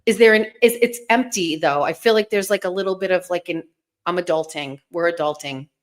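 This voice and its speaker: A woman's voice: on the low side, a little fast. A woman hosting a casual livestream, chatting playfully with viewers from a bare bedroom at home into a desk microphone. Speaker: livestream host.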